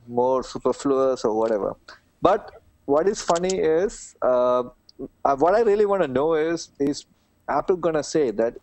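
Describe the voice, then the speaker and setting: A man's voice: medium pitch, a little mellow, a little hiss or hum. Man, South Indian English accent, rambling, casual panel chat, keyboard typing behind. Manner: rambling, hesitant, self-mocking.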